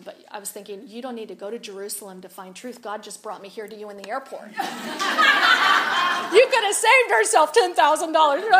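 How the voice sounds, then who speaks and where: A woman's voice: on the high side, slight background noise. A woman speaking at a women's event, telling a story in a sermon, acting out both sides of a conversation and laughing often. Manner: animated, acts out dialogue, laughs often.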